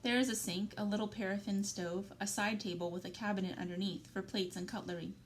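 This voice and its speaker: A woman reads a novel aloud, steady and even-paced, with quiet emotional weight on key phrases. Her voice sits at a middle pitch over a faint background hum. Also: fairly quick, low-quality recording. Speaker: library story reader. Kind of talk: reading a young adult novel aloud.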